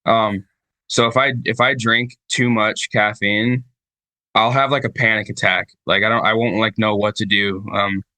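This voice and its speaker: A man's voice: on the low side, fairly even intonation, moderate pace, sharp tone, dry recording. A man in casual chat, telling rambling stories with lots of swearing and fillers. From Michigan, United States. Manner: rambling storyteller, heavy swearing, many fillers. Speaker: podcast guest, band vocalist.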